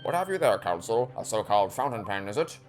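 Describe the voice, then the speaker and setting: A man voicing a stately, genial older judge, reading his lines with formal, lively delivery. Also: on the low side, quick pace, soft background music.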